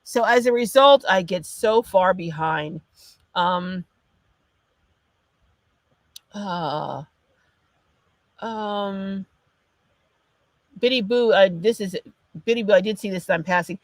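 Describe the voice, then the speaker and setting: A woman's voice: mid-range voice, slow pace, pauses often, no echo. Chatty, apologetic woman hosting a livestream. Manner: chatty and apologetic, with frequent restarts. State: runny nose. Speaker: livestream host. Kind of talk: casual livestream chat reading viewer comments.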